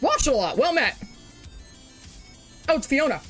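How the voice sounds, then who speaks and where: A woman's voice: high voice, sing-song, slow, long pauses, soft background music. An English woman streaming a game, bubbly and jokey, exclaiming often as she plays. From England. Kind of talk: casual gaming stream commentary.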